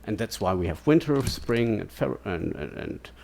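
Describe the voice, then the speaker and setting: A man's voice: fairly low pitch, lively intonation, normal speed, creaky, a little mellow, a little hiss or hum. A man giving an academic lecture in a digressive way, checking in with "yeah?" and "no?" as he goes. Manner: digressive, keeps asking "yeah?" and "no?".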